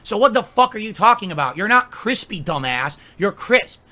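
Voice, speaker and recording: A man's voice: high voice, very animated, moderate pace, pushed and bright. A man delivering an angry, profane rant, scolding and mocking someone at length. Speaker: streamer.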